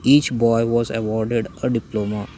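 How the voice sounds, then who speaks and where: A man teaching English grammar, reading out definitions and example lists one by one in a slow, even recitation. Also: mid-range voice, slight background noise, poor audio. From India.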